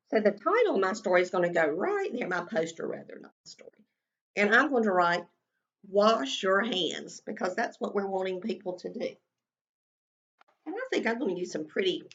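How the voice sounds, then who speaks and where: A woman's voice: fairly low pitch, a bit bright, dull audio. Woman teaching kindergarten writing. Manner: slow, sing-song teacher talk, stretching out sounds. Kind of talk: recorded writing lesson for young children.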